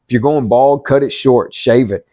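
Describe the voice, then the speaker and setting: A man's voice: medium pitch, moderate pace, dark tone. A man, talking to the camera unscripted as a life coach, blunt and profane, repeating himself for emphasis. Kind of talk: unscripted motivational monologue.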